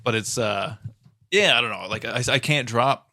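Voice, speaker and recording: A man's voice: medium pitch, moderate pace, gravelly, sharp tone, dry recording, studio quality. A man from Newfoundland with a Newfoundland accent, chatting casually on a podcast and dropping local slang.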